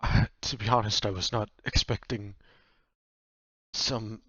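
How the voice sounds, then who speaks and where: A man voicing a calm older woman elder who speaks in a measured, halting way. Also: lowish voice, no echo, dull audio. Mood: earnest.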